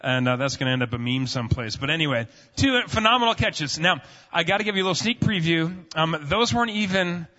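A man's voice: a little high, animated, fast, bright, forceful tone. A pastor in his thirties giving a sermon in a church sanctuary, telling family stories in a casual, rambling way full of fillers. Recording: muffled sound with long hall reverb.

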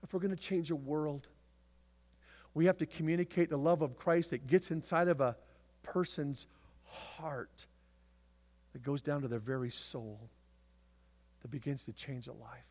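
Impassioned preacher in a reverberant hall. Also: male voice, on the high side, unhurried, pauses often. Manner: impassioned preaching, swinging from loud emphasis to hushed asides. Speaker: pastor. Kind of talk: sermon.

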